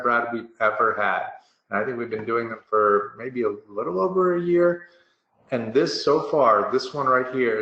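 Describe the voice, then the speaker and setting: Man, webinar demo presenter, bright forceful voice, upbeat salesy talk, muffled roomy recording. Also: mid-range voice. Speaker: software presenter. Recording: dull, roomy online webinar audio.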